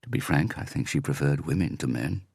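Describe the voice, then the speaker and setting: A wealthy, evasive property investor, voiced by a man in an audiobook. His croaky, wobbly voice sits very low and gravelly, and he talks in a defensive, dismissive way. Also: animated, a little fast, a little mellow, no echo, studio quality, heavily acted. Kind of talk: audiobook character reading.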